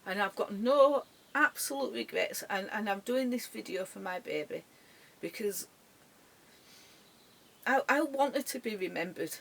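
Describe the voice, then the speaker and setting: Tearful woman, halting and emotional. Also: medium pitch, lively intonation, creaky, slight background noise. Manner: halting, emotional, many restarts and soft trailing words. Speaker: dog owner. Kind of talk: emotional personal vlog tribute. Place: sitting in her caravan bedroom.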